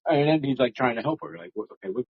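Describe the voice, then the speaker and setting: A man co-hosting a casual book chat podcast, joking and rambling with big swings in pitch. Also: fast talker, husky, no room sound. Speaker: podcast co-host. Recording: dull lo-fi home podcast audio.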